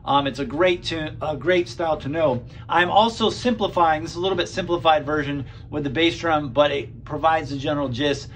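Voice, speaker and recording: A man's voice: fairly high pitch, a little fast, few pauses, a little hiss or hum. A man giving a casual drum lesson, counting beats aloud and sounding out rhythms. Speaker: drum teacher. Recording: loud drum kit playing behind. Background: drum kit.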